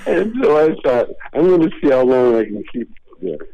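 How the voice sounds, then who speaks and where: A man's voice: mid-range voice, big pitch swings, normal speed, a little hiss or hum. A male comedian telling rambling, laid-back anecdotes as a guest in a radio interview. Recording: dull lo-fi radio sound.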